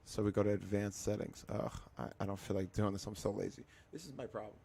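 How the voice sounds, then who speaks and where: A man's voice: on the low side, fairly even intonation, quick pace, creaky, warm tone, husky. A man with a scratchy voice chatting casually on a livestream, rambling to himself as he fiddles with settings.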